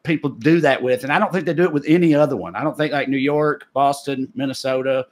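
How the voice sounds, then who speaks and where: A man's voice: mid-range voice, fast. A man with a thick Appalachian Southern accent, a podcast co-host and comedian telling stories in casual chat, rambling with restarts. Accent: Southern US, Appalachian (Tennessee). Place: Los Angeles.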